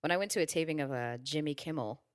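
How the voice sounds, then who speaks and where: A woman hosting a podcast, chatting casually, curious and quick to laugh. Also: low voice, no room sound, clean studio sound. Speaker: podcast host.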